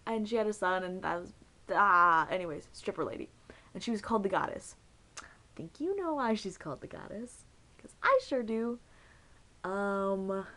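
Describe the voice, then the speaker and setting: A woman's voice: medium pitch, poor audio. Young woman vlogging, rambly and giggly, keeps losing her train of thought. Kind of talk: casual chat.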